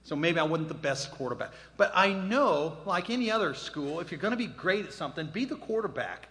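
A man's voice: on the high side, animated, a little fast, fairly bright tone, breathy edge. A man in his sixties telling a self-deprecating story to a live audience, quizzing the crowd as he goes. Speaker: speaker. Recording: long hall reverb.

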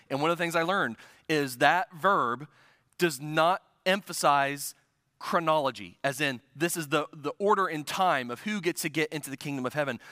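A man's voice: a little high, bright, forceful tone, dry recording. A man preaching a sermon as pastor to a congregation, earnest and emphatic, often restarting his phrases.

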